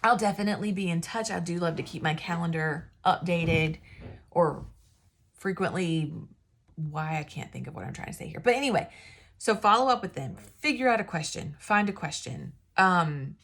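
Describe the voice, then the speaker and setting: A woman talks straight to her viewers in a casual, rambling way, restarting sentences and trailing off. Her voice sits a little low for a woman. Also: lively intonation, normal speed, fairly bright tone. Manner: rambling, chatty, self-interrupting. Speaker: independent sales consultant. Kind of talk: casual talking-to-camera advice.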